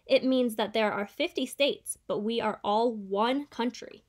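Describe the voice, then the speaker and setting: A woman reading a children's picture book aloud, voicing a kind female schoolteacher who talks in a gentle, clear, encouraging way. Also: a little high, unhurried. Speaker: reader.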